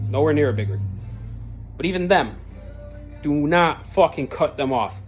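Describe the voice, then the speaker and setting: A vlogger ranting to camera in a heated, blunt, sweary way, jumping between loud peaks and low grumbles. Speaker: truck channel vlogger. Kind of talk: angry profane rant to camera.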